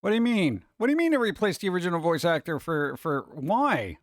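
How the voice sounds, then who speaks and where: A man's voice: fairly high pitch, sing-song, a little fast, dry recording, clean studio sound. A man streaming live, chatting casually with his chat and ranting with rhetorical questions.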